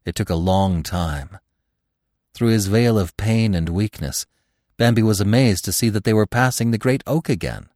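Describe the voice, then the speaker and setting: A man narrating a classic story in an expressive audiobook reading. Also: on the low side, unhurried, no echo, studio quality.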